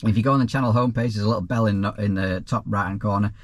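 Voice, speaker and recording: A man with a fairly low voice talks through viewer questions in an easygoing vlog. He rambles a little, restarts sentences and drops in dry, offhand remarks. The delivery stays relaxed and unpolished. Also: very fast, no room sound. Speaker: self-employed plumber and YouTuber. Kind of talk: casual Q&A vlog.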